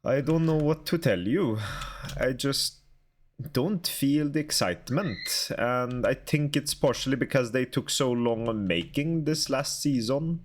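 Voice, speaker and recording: Answering his chat out loud, a young streamer talks casually with viewers, halting yet talkative. His voice is pitched in the middle range.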